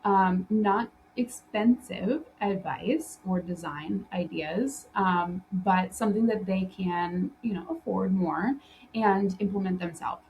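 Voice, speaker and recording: A woman's voice: lowish voice, darkish tone, a little hiss or hum, low-quality recording. A woman hosting a solo podcast, talking loosely with lots of fillers and restarts and often breaking into laughter. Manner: laughs often while telling stories. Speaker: podcast host and interior design business coach.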